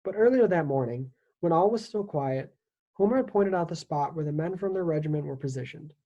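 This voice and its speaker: A teacher reading a children's historical novel aloud with lively, expressive storytelling. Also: medium pitch, fairly quick, lo-fi sound.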